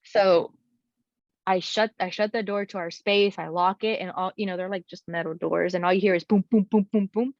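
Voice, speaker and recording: A young adult woman telling a personal story as a guest, in a candid and animated way with many casual fillers. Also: lowish voice, normal speed, no room sound. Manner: animated, frequent "like" and "you know" fillers. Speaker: guest sharing her story. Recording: slightly muffled, dry recording.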